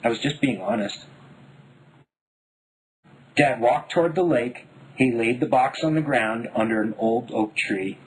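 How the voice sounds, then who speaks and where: A man from Denver narrating his own memoir in a wry, deadpan voice. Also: medium pitch, unhurried, long pauses, breathy edge, low-quality recording. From Denver, United States. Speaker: memoir author.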